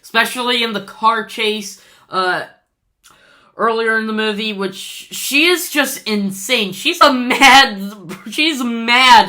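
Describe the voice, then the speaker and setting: A woman's voice: medium pitch, bright, forceful tone. A woman giving an unscripted movie review in a casual vlog, gushing and rambling with lots of fillers and restarts.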